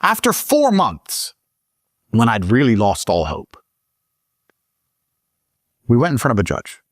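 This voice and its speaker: A man from Britain, a podcast guest telling a story in casual conversation, swearing often and pushing his voice up high when he gets worked up. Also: a little slow, no room sound, clean studio sound. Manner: profane, emphatic, voice climbs high when excited.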